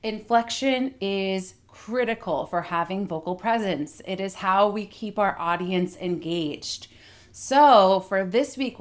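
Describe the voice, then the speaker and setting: A middle-aged woman voice coach giving a clear, articulate instructional lesson that demonstrates vocal techniques. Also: mid-range voice.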